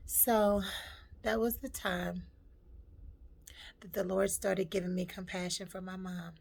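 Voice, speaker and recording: A woman's voice: medium pitch, little pitch movement, takes it slowly, gravelly, a little mellow. A woman vlogger telling a personal story in a heartfelt, reflective and emotional way.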